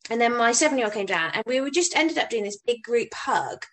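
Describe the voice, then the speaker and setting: A woman in her thirties from England talks candidly in a relaxed conversation, often restarting her sentences. Her voice sits fairly high. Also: a little fast, poor audio. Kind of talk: casual conversation.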